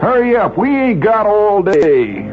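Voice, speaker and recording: Man playing a loud, high-pitched, bossy country diner customer. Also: big pitch swings, unhurried, phone-quality sound, music in the background. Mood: bossy yelling. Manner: yelling, demanding. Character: rude lean rural man, bossy and loud.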